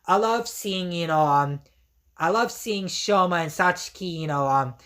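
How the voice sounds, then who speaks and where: Woman reviewer, low-pitched, casual rambling recap full of "you know". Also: a little slow, a bit bright. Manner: rambling, many fillers and restarts.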